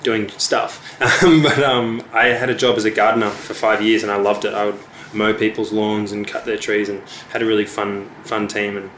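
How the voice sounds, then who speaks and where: A young musician chats casually as an interview guest, using lots of fillers and restarts. His voice sits on the low side with a fairly bright tone, a level delivery and a moderate pace. The room is echoey, with faint ambience and slight background noise.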